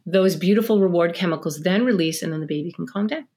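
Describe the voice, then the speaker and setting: A middle-aged woman appears as a parenting expert guest in a podcast interview, explaining things with energetic animation and acting out little scenes between parents and kids. Her voice is on the low side and fast.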